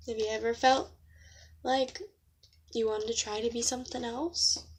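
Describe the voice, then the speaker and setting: A woman teacher reads a picture book aloud in a gentle, questioning way, dropping to hushed asides now and then. Her voice sits fairly high, and she takes her time over each line. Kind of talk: picture book read-aloud and lesson reflection.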